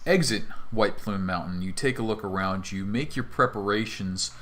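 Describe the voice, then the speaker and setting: A man narrating a tabletop game as game master, relaxed and descriptive. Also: fairly low pitch, normal speed.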